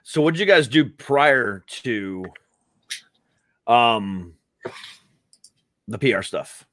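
A man's voice: mid-range voice, expressive, takes it slowly, a bit bright, no echo. A man hosting a livestream interview, asking questions in a casual way with many fillers. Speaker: interview host.

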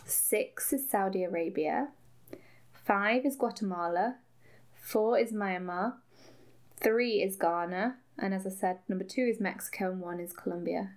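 A woman's voice: mid-range voice, measured pace. Woman, podcast co-host, casual chat, giggly, ironic.

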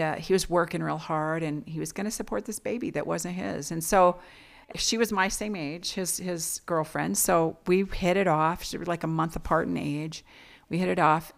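Low gravelly woman telling her story. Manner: frank, earnest, with frequent restarts. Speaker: interview guest. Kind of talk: candid personal storytelling.

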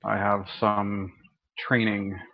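A man's voice: on the low side, little pitch movement, slow, dry recording, highs cut off. A man playing a formal security officer who speaks politely and hesitantly.

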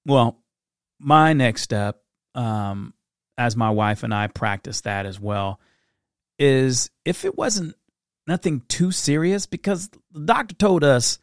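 A middle-aged man telling animated parenting stories in a casual monologue, breaking into quick impressions. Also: medium pitch, no echo, clean studio sound. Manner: animated storytelling with impressions and laughs. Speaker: parent giving advice.

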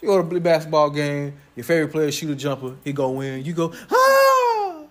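A young man preaching a sermon to his congregation, loud and playful, joking with them as he goes. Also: fairly high pitch, level tone, quick pace, very noisy. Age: young adult.

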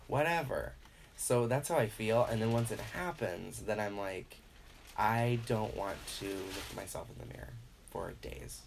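A man's voice: on the low side, moderate pace, creaky, a little hiss or hum. Man rambling with profane comic energy. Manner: rambling, profane, acts out voices of others; animated, grows louder when worked up. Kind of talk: casual comedic monologue.

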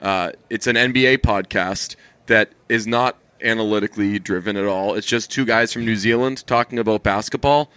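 A young man co-hosting a podcast in casual chat, rambling and swearing freely with deadpan teasing. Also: lowish voice, normal speed, clean tone, no echo. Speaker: podcast co-host.

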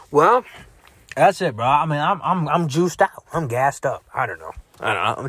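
A man's voice: fairly high pitch, animated, normal speed, a bit bright, slight background noise. A man hosting a casual solo podcast, joking and swearing as he reacts aloud to what he browses online. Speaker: podcast host.

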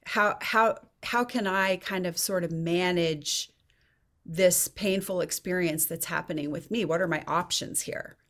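A woman's voice: on the low side, measured pace, fairly bright tone. Thoughtful woman therapist in her forties. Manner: thoughtful, searching for examples, restarts. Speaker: guest therapist. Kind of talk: podcast interview.

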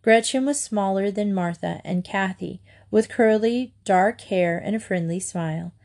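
A woman reading a children's book aloud in a steady, gentle storytelling manner. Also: mid-range voice, a little slow. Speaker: reader.

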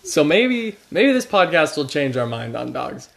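A man's voice: fairly high pitch, sing-song, gravelly, a bit bright. Young man with dry humor. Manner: dry self-deprecating humor, quick asides. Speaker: podcast co-host. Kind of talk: casual chat.

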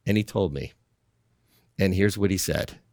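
A man as a podcast guest, telling a story in an animated, persuasive way and acting out the dialogue. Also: sits low, a little slow, gravelly, dry recording, clean studio sound. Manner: animated, acts out dialogue from his own story. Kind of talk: storytelling in conversation.

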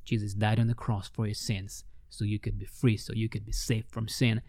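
A man telling ministry stories in an interview, with lively storytelling that acts out the voices of the people he met. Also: normal speed. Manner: animated, acts out quoted voices with big pitch jumps. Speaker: ministry worker.

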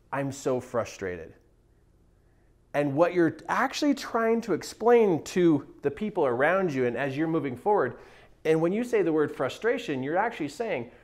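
Animated man giving a motivational talk. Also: a little high. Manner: animated, emphatic teaching with acted-out quotes. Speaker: mindset coach.

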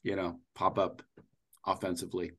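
A man co-hosting a podcast, giving a relaxed, matter-of-fact rundown. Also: deep voice, moderate pace. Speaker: podcast co-host. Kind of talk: casual baseball chat.

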